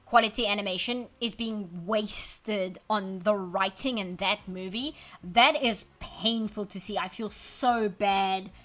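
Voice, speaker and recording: A woman's voice: medium pitch, takes it slowly, few pauses, a bit bright. A woman chatting casually while drawing on a live stream, rambling wryly and poking fun at herself. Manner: chatty, wry, self-deprecating rambling; reads and answers chat messages. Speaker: art streamer. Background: faint background music.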